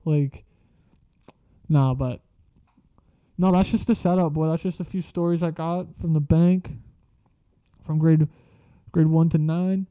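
A man's voice: fairly high pitch, fairly even intonation, a little slow, long pauses, clear, resonant tone, no echo. A young man telling school stories in a casual, profane, slang-heavy rambling way. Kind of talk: casual storytelling vlog. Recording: dry muffled lo-fi recording.

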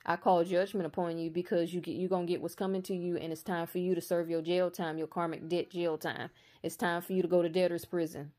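A woman with a somewhat low voice delivers a casual spiritual monologue to her viewers. She is blunt and preachy, swears freely, and drives her points home slowly and emphatically. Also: level tone, darkish tone. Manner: slow emphatic delivery that builds to raised intensity.

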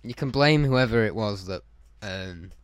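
A young man co-hosting a podcast, chatting casually in a low-key, understated way. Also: expressive, a little slow. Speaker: podcast co-host. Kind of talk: casual chat.

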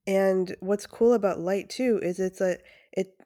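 A woman's voice: mid-range voice, steady tone, unhurried, mellow, no room sound, clean studio sound. A young woman hosting her own podcast as a breathwork facilitator, talking in an enthusiastic, chatty way with frequent fillers and restarts. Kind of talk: casual solo podcast monologue.

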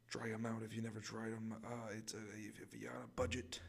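Rambling low-voiced man hosting a podcast. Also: completely flat delivery, fairly quick, gravelly, breathy edge. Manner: rambling, filler-heavy, repeats himself. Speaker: podcast host. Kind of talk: rambling comedic podcast chat. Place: outdoors on a college campus.

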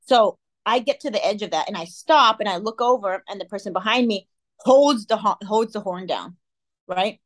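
Animated young woman telling a story. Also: mid-range voice, moderate pace. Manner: animated, acts out quotes, laughs often. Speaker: podcast co-host. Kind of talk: casual chat, storytelling.

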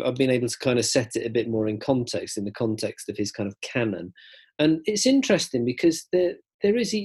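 Husky man, podcast co-host, rambling and hedging in casual talk. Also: mid-range voice, darkish tone. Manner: rambling, hedging, lots of "kind of" and "I mean". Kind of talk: casual chat.

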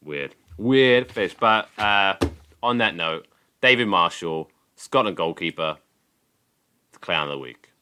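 A man's voice: deep voice, lively intonation, slow pace, bright, forceful tone, a little hiss or hum. A man hosting a podcast in casual chat, blunt and sweary, asking wry questions. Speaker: podcast host.

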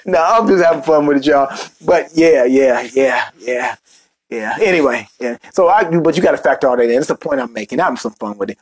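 A man's voice: high voice, fairly quick. A man hosting a motivational podcast, talking casually and joking as he tells stories. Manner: joking, animated storytelling with playful asides. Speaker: podcast host and speaker coach.

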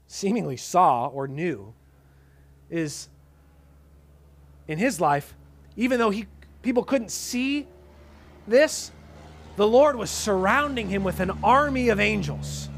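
A man preaching a sermon in an earnest tone, dropping to soft emphatic lines and casual asides. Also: high-pitched, expressive, takes it slowly, long pauses, breathy edge.

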